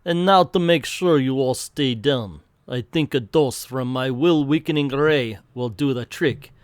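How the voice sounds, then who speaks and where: A man's voice: mid-range voice, a little slow, clean tone, no echo, clean studio sound, natural voice. A man voicing an arrogant, boastful male supervillain from a comic, reading the lines in a pompous, sneering way. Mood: gloating.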